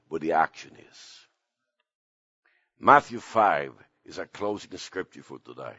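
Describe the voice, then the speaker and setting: An older man, a pastor, preaching an impassioned sermon whose pitch climbs suddenly at its peaks. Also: lively intonation, unhurried, pauses often, sharp tone, husky, dry recording, muffled recording.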